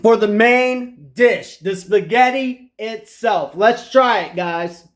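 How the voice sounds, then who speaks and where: A man's voice: high voice, takes it slowly. A man hosting a casual cooking vlog, chatting straight to his viewers as he eats. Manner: chatty, addresses viewers directly. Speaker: cooking channel host.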